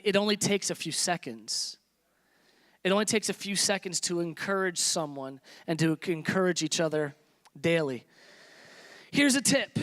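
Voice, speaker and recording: A man pastor preaching a sermon, repeating phrases for emphasis and dropping to soft, hushed tones when he tells stories. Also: fairly high pitch. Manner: preaching with rising emphatic repetition.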